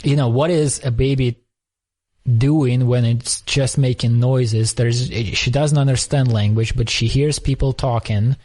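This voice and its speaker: A man's voice: mid-range voice, fairly even intonation, measured pace, a little mellow. A man in casual conversation, telling a story thoughtfully, often restarting as he searches for words. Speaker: podcast conversation partner.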